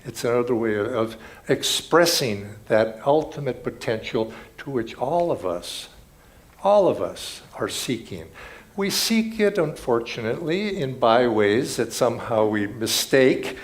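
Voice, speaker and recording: A man's voice: medium pitch, animated, measured pace. A man giving an earnest, reflective spiritual talk at a ceremony, telling stories as he goes. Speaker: spiritual speaker.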